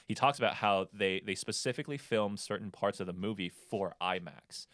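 A man's voice: fairly low pitch, fairly quick, fairly bright tone, no room sound, studio quality. A man co-hosting a casual movie podcast, rambling with lots of fillers and restarts. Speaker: podcast co-host.

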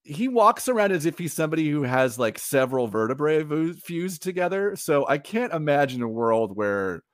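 A man's voice: fairly high pitch, moderate pace, no echo. A man co-hosting a podcast, chatting casually and telling stories with lots of laughter. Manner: animated, laughs often, lively storytelling. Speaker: podcast co-host. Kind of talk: casual chat.

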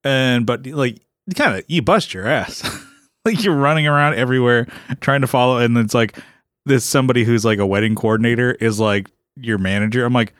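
A man's voice: mid-range voice, expressive, brisk, a bit bright, no echo, studio quality. A man co-hosting a podcast, bantering in an easygoing way and laughing a lot. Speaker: podcast co-host. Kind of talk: casual comedic chat.

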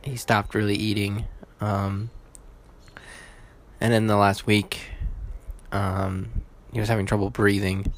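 A man hosting his own podcast, casual and halting, with many fillers and restarts, emotional and holding back tears. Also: fairly low pitch, flat delivery. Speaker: podcast host.

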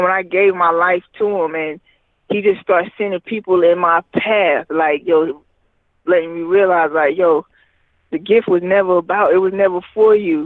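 A man with a notably high voice tells his story in a loose, rambling way, leaning on fillers. He comes through a tinny phone line with a dry sound and no room around it. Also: dry recording. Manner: rambling, heavy with fillers like "you know what I mean". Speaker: guest, recording artist. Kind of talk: personal testimony in conversation.

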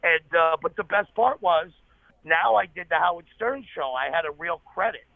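A high-pitched man with a gravelly edge tells comedy stories with animated energy and quick asides. He sounds like he's on a tinny phone line, dry and close. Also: dry recording. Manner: animated anecdotes, fast asides. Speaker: comedian guest. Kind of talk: storytelling interview.

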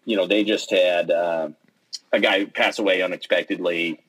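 A male interview guest who makes pennants and also plays tells stories casually in a low, husky voice. He's chatty and animated, acting out quotes, with lots of fillers and restarts. His pace is moderate and the recording quality is low.

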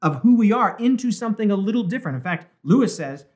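A male pastor in an emphatic Bible study discussion who slows down to stress quoted words. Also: sits high, lively intonation, a little mellow.

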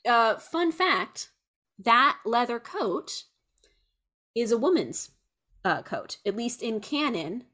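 A woman's voice: on the high side, very animated, slow pace, pauses often, sharp tone. A young woman co-hosting a podcast, rambling in casual chat with many fillers. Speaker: podcast co-host.

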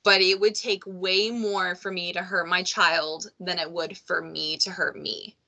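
A woman's voice: lowish voice, level tone, a little slow, pushed and bright. A woman hosting a podcast, talking candidly in a loose, conversational way, full of "like" and "you know". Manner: candid and conversational, many fillers like "like". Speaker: podcast host.

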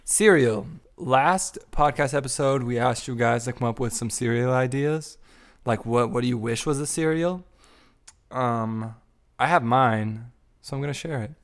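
A young man co-hosting a casual podcast with his wife, talking in a playful, rambling way with quick asides. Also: medium pitch. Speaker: podcast co-host.

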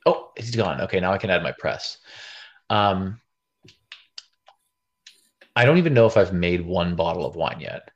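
Lively low-voiced man. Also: normal speed, long pauses, muffled recording. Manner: animated, joking, lots of restarts. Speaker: podcast co-host. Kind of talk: casual chat.

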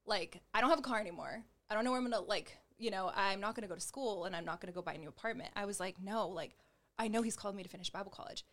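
A young woman tells her faith story to an interviewer in a loose, chatty way, with "like" in almost every phrase. She slips into the voices of the people she quotes and gestures as she talks. Her pitch sits in an ordinary middle range for a woman. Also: very fast, a bit bright. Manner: chatty, heavy use of "like", acts out quoted dialogue; gestures while talking. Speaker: guest sharing her testimony. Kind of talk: personal faith testimony in conversation.

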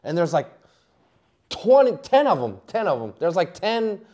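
A man's voice: sits high, big pitch swings, normal speed, dark tone. A middle-aged man, a poker player guest, telling a story casually with lots of fillers, restarts and laughter.

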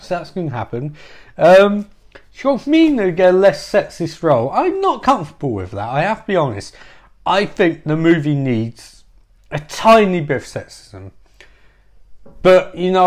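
A man's voice: a little high, a little mellow. Rambling comic podcast host, a man. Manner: rambling and self-interrupting, with swearing and asides. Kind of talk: rambling comedic monologue.

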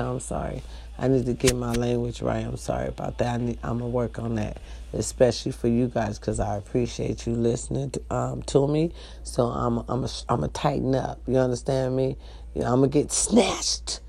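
A middle-aged woman with an African American Vernacular English accent talks straight to her listeners in a loose, swearing monologue. Her voice is dark and gravelly with a lot of fry. She is blunt and animated, and she keeps calling out to her audience. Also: very deep voice. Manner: profane, animated and blunt, addressing listeners directly. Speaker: online talk show host. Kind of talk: casual storytelling monologue.

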